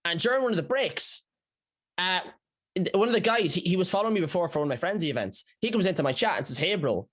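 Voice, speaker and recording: An Irish man talks at a quick clip as a podcast guest, his voice sitting a little high. He tells his stories with plenty of slang and swearing, animated and loose. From Ireland. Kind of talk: casual podcast chat.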